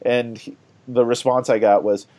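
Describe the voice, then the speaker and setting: A man's voice: mid-range voice, little pitch movement, moderate pace, warm tone. A man hosting a board game podcast, chatting casually and rambling with many fillers and laughs.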